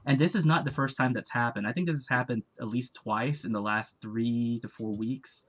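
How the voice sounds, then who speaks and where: A man co-hosting a casual stream chat, animated and acting out the people he quotes. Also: mid-range voice, normal speed. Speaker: comic creator and stream co-host.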